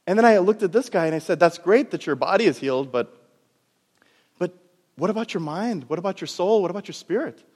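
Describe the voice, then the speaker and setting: A man's voice: sits high, brisk, breathy edge. Man telling a story in a big echoing hall. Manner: storytelling, animated, laughs at himself. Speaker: doctor and preacher. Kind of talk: sermon testimony. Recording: long hall reverb.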